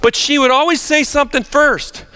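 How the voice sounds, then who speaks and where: Energetic male pastor, bright, forceful voice, animated sermon delivery, prone to restarts. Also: very high-pitched, moderate pace. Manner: emphatic, animated, with frequent restarts. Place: church sanctuary.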